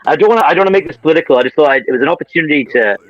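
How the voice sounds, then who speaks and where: A man joining a talk show by video call, chatting casually and quick to joke. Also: on the high side, no echo. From New Zealand. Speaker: call-in guest. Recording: dull lo-fi internet call.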